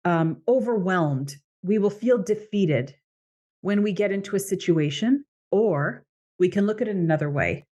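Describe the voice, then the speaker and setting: A woman's voice: mid-range voice, darkish tone. A middle-aged Canadian woman hosting a podcast, telling a personal story in a conversational way and quoting other people. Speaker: podcast host, coach. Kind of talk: podcast monologue.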